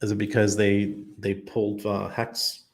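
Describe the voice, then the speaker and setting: A man's voice: on the low side, monotone, a little slow. A man hosting a casual livestream, reading out viewer comments and answering them off the cuff in a chatty way. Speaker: crypto livestream host. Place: home in Panama.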